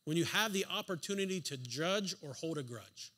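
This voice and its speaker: Forceful, bright-voiced male preacher. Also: fairly high pitch, animated, normal speed. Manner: emphatic, rhetorical questions; dry sarcastic asides. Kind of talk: sermon. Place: church sanctuary.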